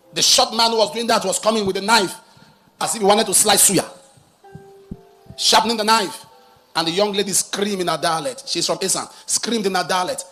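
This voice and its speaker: A man preaching a sermon, telling a cautionary story with dramatic rises and drops in loudness. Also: sits high. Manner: dramatic storyteller, rises to loud emphatic peaks. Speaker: pastor.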